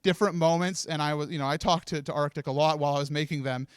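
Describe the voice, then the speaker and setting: Nervous rambling man, high voice. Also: steady tone, quick pace, smooth, dry recording. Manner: nervous, rambling, laughs often. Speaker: host handing out awards. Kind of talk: emotional live event speech. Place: live stream event room.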